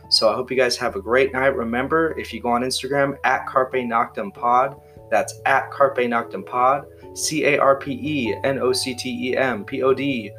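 A young man hosting a casual podcast, relaxed and easygoing, asking friendly questions and laughing easily. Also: medium pitch. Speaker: podcast host.

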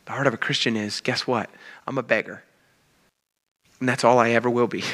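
A pastor preaching a sermon in a casual, conversational way that addresses the congregation directly. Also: male voice, mid-range voice, fairly even intonation, fairly quick, fairly bright tone. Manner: conversational, addresses the crowd as "you guys".

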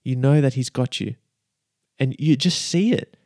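A man preaching a sermon with fervent, building emphasis, repeating key words as he grows excited. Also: mid-range voice, unhurried, no room sound, clean studio sound.

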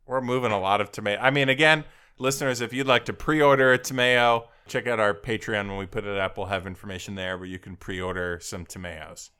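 Comedy podcast co-host, male, bright and clear-toned, sarcastic riffing delivery. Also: on the low side, fairly even intonation, fast talker. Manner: riffing, sarcastic, mock ad voices. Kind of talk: casual comedic chat.

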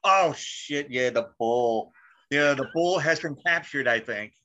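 A man's voice: mid-range voice, measured pace, pushed and bright. Laughing, swearing man in casual podcast chat. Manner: swearing, laughing, acts out quotes. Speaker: podcast co-host. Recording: dull lo-fi sound.

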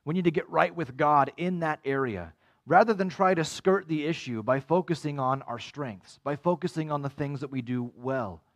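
A man preaches a sermon as pastor, speaking at normal speed. He's animated, acting out quoted voices with big swings in pitch.

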